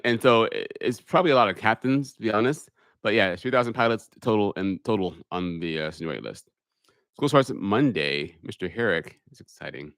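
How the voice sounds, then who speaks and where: A middle-aged airline pilot chats casually on a live stream, reading out viewer questions and answering them in a relaxed, talkative way. His voice is mid-range, and the recording is dry with clean studio sound.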